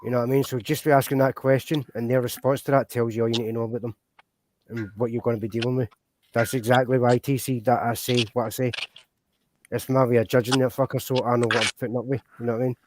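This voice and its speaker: A man's voice: medium pitch, flat delivery, fast, darkish tone, slight background noise. A man with a Glasgow accent talking bluntly and swearing a lot as a guest on a live call-in stream. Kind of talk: casual chat.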